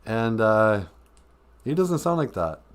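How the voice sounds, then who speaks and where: A man's voice: fairly low pitch, very animated, slow pace, smooth. A man in his fifties hosting a comedy podcast, mocking a video clip in a sarcastic way. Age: 50s. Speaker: podcast host.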